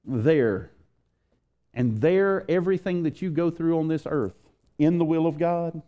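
A man's voice: a little high, moderate pace, dull audio. A man preaching a sermon to his church, repeating phrases and building intensity. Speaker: pastor.

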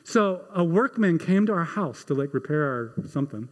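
A man's voice: on the high side, animated, normal speed, long reverb tail. A middle-aged man preaching a sermon as pastor, conversational and emphatic, with repeated phrases and a self-deprecating touch.

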